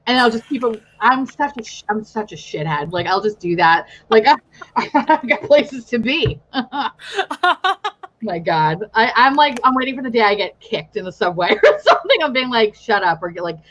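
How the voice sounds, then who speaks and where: A young woman chatting loosely as a host, swearing freely and laughing through her stories. Her voice sits at an ordinary pitch and comes through a slightly dull, lo-fi recording. She talks like she's with a friend. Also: very animated, a bit bright. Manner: profane, laughs often, quick storytelling. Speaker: podcast host. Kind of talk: casual chat.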